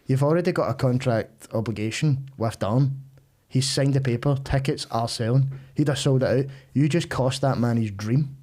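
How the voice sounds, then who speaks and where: A man's voice: medium pitch, moderate pace, warm tone. A man, a comedian guest in casual chat, blunt and sweary, calling the other man mate.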